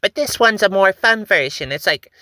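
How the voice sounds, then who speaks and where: Bright, chatty woman reacting to memes. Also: medium pitch, expressive, dry recording. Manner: joking, chatty, puts on quick voices for quoted posts. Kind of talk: casual reaction commentary.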